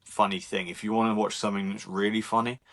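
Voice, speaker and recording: Man, low voice, casual podcast co-host, brief matter-of-fact remarks. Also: level tone, fast, creaky, fairly bright tone. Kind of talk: casual chat.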